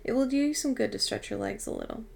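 Woman reader doing a chatty, gravelly old being, brisk and soothing, audiobook. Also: a little high. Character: cheerful eccentric old female otherworldly being. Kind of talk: audiobook reading.

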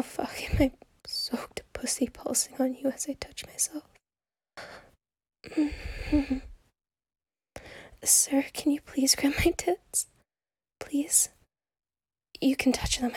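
In a whispered role-play, a woman voices an eager, devoted young secretary, pleading in a breathy, intimate hush with a teasing feel. Her high voice moves slowly and she stays fully in character. The recording is close and dry, with no room sound or echo.

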